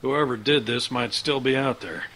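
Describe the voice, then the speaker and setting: An actor playing a gruff, grizzled uncle who leads a band of survivors in a game, blunt and commanding. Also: male voice, mid-range voice, moderate pace, a bit bright, poor audio. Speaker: video game character. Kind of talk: game dialogue.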